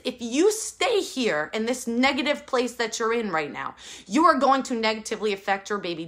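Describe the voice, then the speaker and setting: A woman's voice: fairly high pitch, fairly bright tone. A woman in her thirties giving an urgent, emphatic motivational talk to parents, repeating her key phrases. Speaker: parenting coach.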